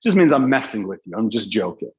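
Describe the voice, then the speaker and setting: A man's voice: lowish voice, very animated, fast, darkish tone, lo-fi sound. A man teaching an English class live online, in a casual, joking, slangy way. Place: Dubai.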